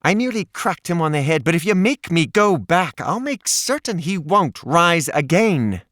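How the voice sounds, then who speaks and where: A man's voice: medium pitch, wildly swooping pitch, takes it slowly, creaky, fairly bright tone, no room sound, studio quality, voice pushed up, full character voice. A man reading an audiobook and voicing a blunt, menacing male kidnapper who delivers cold, curt threats. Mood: threatening.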